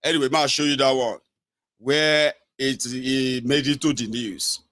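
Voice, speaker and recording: A man's voice: fairly even intonation, measured pace, fairly bright tone. A Nigerian man hosting a political talk show, speaking in English and Pidgin and mimicking other people's voices as he talks. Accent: Nigerian English with Pidgin and Yoruba. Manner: mimics callers in high voices, switches between English, Pidgin and Yoruba. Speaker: political commentator, channel host. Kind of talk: animated political monologue.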